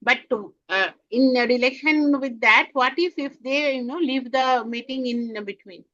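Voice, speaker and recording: A woman's voice: high voice, a little slow, sharp tone, dull audio. A woman asking a trainer a question in an online session, hesitant and full of fillers. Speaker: trainee teacher.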